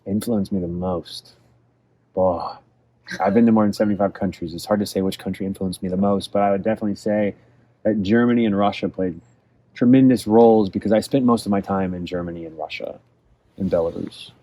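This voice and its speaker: A man from California, USA, guests on a casual interview, sharing travel stories in a reflective yet enthusiastic way. His voice is lowish and warm, with a steady tone and a slightly fast pace.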